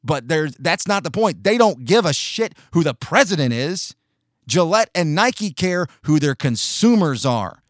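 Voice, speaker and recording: A man's voice: fairly high pitch, sing-song, dry recording, studio quality. Blunt, sarcastic man. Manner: blunt, sarcastic, swears casually; halting restarts, mocks others with shouted put-on outrage. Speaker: commentator. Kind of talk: opinion commentary monologue.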